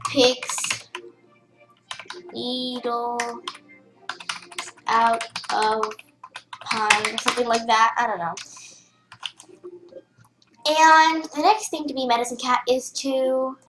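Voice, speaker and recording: A woman's voice: on the high side, roomy sound, poor audio. A young girl in a casual tutorial, chatty and rambling with lots of fillers and restarts, keyboard typing behind her. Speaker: game tutorial host. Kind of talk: casual screen-recorded tutorial.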